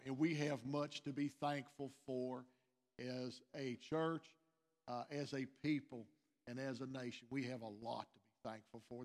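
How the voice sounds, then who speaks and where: A man preaching a sermon as pastor, earnest and repetitive, growing louder on key lines. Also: medium pitch. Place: church sanctuary. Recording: long church reverb.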